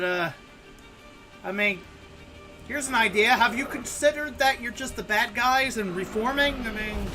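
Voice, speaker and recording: A man's voice: sits high, pushed and bright. A man streaming a game and chatting casually in a sarcastic, rambling way. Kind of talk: casual gaming commentary.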